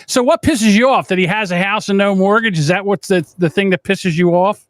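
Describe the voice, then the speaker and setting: A man's voice: high-pitched, fairly quick, a bit bright, no room sound. A male guest on a live stream, arguing with the host in a needling, sarcastic way. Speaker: call-in guest. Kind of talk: heated argument.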